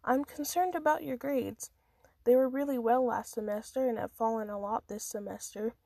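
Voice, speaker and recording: A woman voicing a formal, concerned female college chancellor who speaks gently and probingly in a storybook reading. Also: a little high, normal speed, vocal fry, no echo, clean studio sound.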